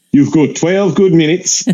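A man voicing a blunt older Australian cruise regular with an Australian accent, gruff and lecturing. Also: a little high, slow pace, a little mellow, highs cut off, pitched above the performer's own voice.

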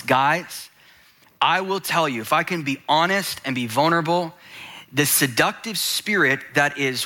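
A male pastor preaching a sermon with passion, dropping to hushed low lines and rising to urgent high ones. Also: lively intonation, measured pace.

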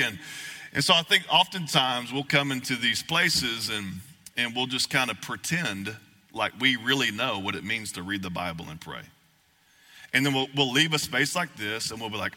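A young man preaching a sermon in a casual, folksy, joking way that rises at times to shouting. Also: medium pitch, moderate pace. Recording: echoey hall.

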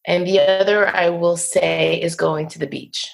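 Woman guest, New Jersey accent, husky with gravel in it, slow and reflective, fairly low voice. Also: steady tone. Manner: unhurried, thoughtful, laughs softly. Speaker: poet and teacher, interview guest. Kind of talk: reflective interview conversation.

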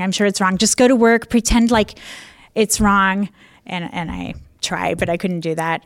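A young adult woman candidly tells an audience a personal testimony in a storytelling talk with slides, laughing often and using many fillers and restarts. Her medium-pitched voice is clear and resonant, recorded dry in a clean studio.

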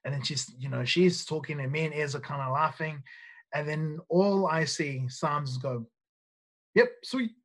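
A New man in his thirties tells nightclub stories in a casual, rambling way. He restarts sentences often and swears freely. His speaking voice sits a little high for a man. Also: normal speed. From New Zealand. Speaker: podcast guest, nightclub bouncer. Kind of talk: casual storytelling.

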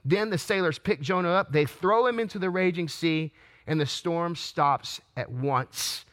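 Guy with a high voice preaching, earnest questions, lots of restarts. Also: a little slow, a bit bright. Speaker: pastor. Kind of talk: sermon.

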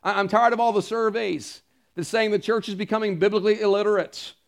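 A man's voice: sits high, fairly even intonation, fairly quick, gravelly. A male pastor preaching a sermon, earnest and emphatic, repeating key phrases and turning to the congregation with casual asides.

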